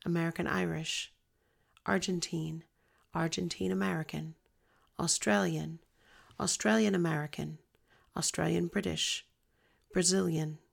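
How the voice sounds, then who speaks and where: A woman reading an informational text in a scripted, even, list-like way. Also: lowish voice, creaky.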